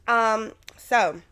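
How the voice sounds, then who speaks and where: On her solo podcast, a young woman rambles casually and swears freely, her voice still worn as she recovers from covid. It sits fairly high and has a fairly bright tone.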